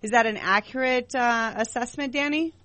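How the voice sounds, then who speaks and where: A woman hosting a call-in talk radio show, speaking gently, with many halting restarts. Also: on the high side. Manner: gentle, repetitive, halting phrasing.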